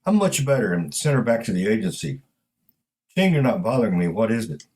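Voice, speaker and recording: A man's voice: fairly low pitch, very animated, fairly quick, a little mellow. A man voicing an earnest, polite middle-aged male private detective in a spoken story.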